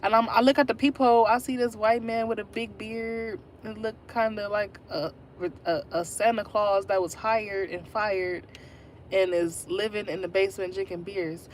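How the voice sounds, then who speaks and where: A young woman in her twenties hosts a casual livestream. She sits at an ordinary mid pitch and tells a story straight to her viewers in a chatty way. Faint noise hums behind her. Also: fairly even intonation, moderate pace. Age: 20s. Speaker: livestream host.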